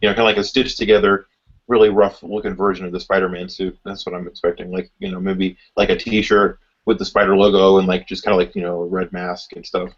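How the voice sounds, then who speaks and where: A man in a casual fan discussion, talking quickly and filling his speech with "like". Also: low-pitched, level tone. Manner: rapid, lots of "like" fillers. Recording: dull lo-fi audio.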